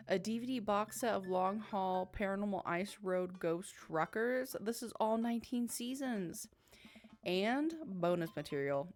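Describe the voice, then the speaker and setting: Playful gravelly woman reading a game. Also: medium pitch, darkish tone. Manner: playful, voices several characters, laughs and tears up. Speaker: let's play gamer. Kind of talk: reading a dating game aloud with voices.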